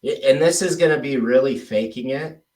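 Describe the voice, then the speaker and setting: A man's voice: mid-range voice, moderate pace, darkish tone, distant mic, rough recording. A man coaching a sales trainee through a role-play drill, stressing words with exaggerated inflections. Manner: exaggerated, emphatic inflections when demonstrating.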